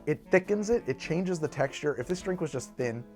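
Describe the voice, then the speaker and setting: Animated rambling man mixing drinks. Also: a little high, brisk, soft background music. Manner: rambling and animated, trailing off and restarting. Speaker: cocktail show host. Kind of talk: casual chat while mixing drinks.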